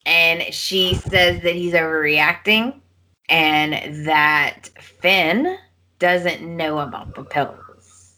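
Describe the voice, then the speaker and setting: Female podcast co-host, slow and bright, retells scenes with quoted lines. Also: low-pitched, a little hiss or hum. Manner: animated retelling, acting out characters' lines. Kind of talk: casual soap opera recap chat.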